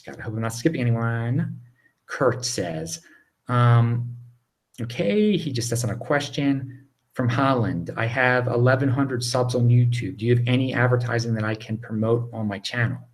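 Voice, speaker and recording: A man reads out questions from viewers and responds on a laid-back livestream he hosts from his apartment. His voice stays low, nearly a whisper, and he's animated, cutting over himself and restarting quickly.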